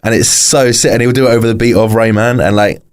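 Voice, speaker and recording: A man with a very low, deep British voice talks casually on a podcast. He explains at length, circling back with lots of fillers and restarts. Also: steady tone, fast talker. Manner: rambling, filler-heavy explanations. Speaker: podcast guest, rapper and author.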